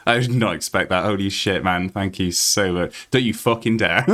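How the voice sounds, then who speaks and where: A British man streaming a game and chatting to his viewers. His voice sits a little low, but he gets excitable, laughs often and swears freely. It is loose, unscripted live-stream talk. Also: normal speed. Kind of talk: live-stream chat while gaming.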